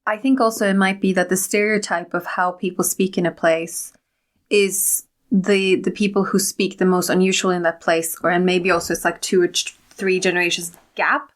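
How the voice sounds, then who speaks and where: A woman's voice: fairly low pitch, level tone. A woman co-hosting a casual podcast, offering theories and short chatty interjections. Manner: speculative, chatty, quick interjections. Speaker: podcast co-host.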